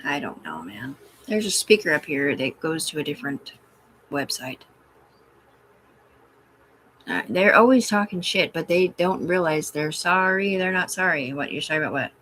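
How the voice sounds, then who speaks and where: A woman's voice: deep voice, lively intonation, moderate pace, pauses often, a bit bright, a little hiss or hum. A woman rambling and swearing casually on a live stream from her room, talking back to her chat. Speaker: livestreamer.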